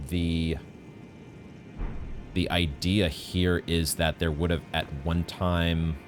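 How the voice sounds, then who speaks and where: A deep-voiced man commentating his own gameplay, musing aloud in a chatty, playful way. Faint game music plays under his voice. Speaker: streamer.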